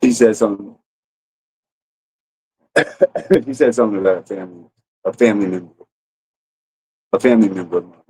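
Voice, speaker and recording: A man's voice: fairly low pitch, normal speed, pauses often, warm tone, slightly rough, no echo, low-quality recording. A man telling a rambling, profane story to his livestream audience in a casual way, full of restarts. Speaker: streamer.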